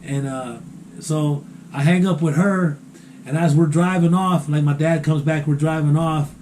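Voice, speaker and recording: A man's voice: on the high side, fairly even intonation, measured pace, a little mellow, a little hiss or hum. A middle-aged man telling a story in a casual vlog, often stammering on repeated words and ending phrases with "man". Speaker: vlogger.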